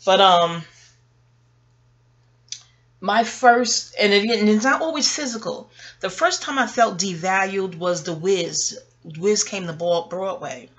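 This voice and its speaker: A woman's voice: mid-range voice, takes it slowly, pauses often. A woman vlogger talking in a casual, rambling monologue. She is candid and profane, goes off on tangents and laughs often.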